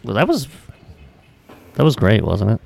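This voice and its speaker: Low, gravelly laid-back man. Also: wildly swooping pitch, unhurried, darkish tone. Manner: laid-back, rambling, lots of fillers. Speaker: podcast co-host. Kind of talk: casual chat.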